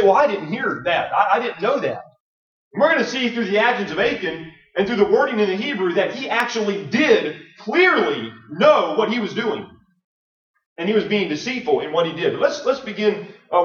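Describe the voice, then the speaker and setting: A man with a high voice preaches an earnest sermon, stumbling through fillers and restarts as he works through scripture. He sounds set back from the mic, and the sound is muffled and roomy, like a church hall. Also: fairly bright tone, recorded from a distance.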